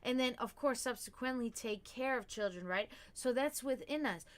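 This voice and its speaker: A woman's voice: a little high, normal speed. A woman hosting a casual livestream, talking candidly and rambling with lots of fillers and swearing. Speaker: livestream host.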